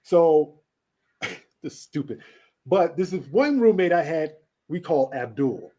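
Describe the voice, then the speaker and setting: A radio host is being interviewed, and he tells casual stories full of laughter and swearing. His voice sits fairly high and he speaks slowly, animated throughout.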